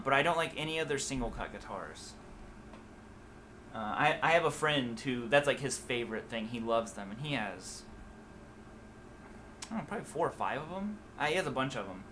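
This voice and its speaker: An American man with a blended Midwest and Southern accent talks off the cuff to a live audience, his voice bright and forward. He wanders through his thoughts with plenty of "like" and "um" and a lot of restarts. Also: mid-range voice, slight background noise. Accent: mixed Midwest and Southern US. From USA. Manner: rambling, loose, many fillers and restarts. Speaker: guitar teacher answering live chat. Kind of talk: casual livestream chat.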